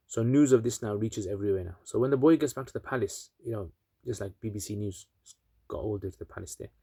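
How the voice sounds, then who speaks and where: Man, casual storyteller, chatty, filler-heavy, low pitch. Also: fast, vocal fry, warm tone, husky, no room sound, clean studio sound.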